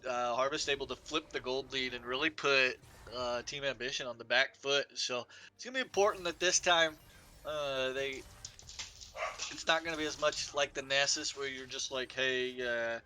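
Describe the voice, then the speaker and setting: Bright-voiced esports color commentator, man. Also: mid-range voice, normal speed, slight background noise. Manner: laid-back, joking analysis with many fillers. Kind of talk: live esports analysis.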